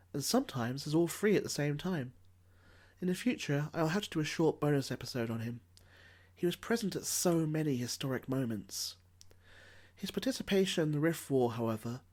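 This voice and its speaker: A man narrating a scripted history episode, dropping in wry, sardonic asides. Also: medium pitch.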